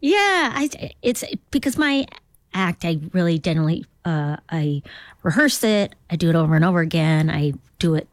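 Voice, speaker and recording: A woman's voice: fairly low pitch, sing-song, normal speed, no echo, clean studio sound. A woman comedian from Minnesota, talking casually in an interview with rambling, self-deprecating asides. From Duluth, Minnesota. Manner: rambling, self-deprecating, slips into character voices. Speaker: comedian guest.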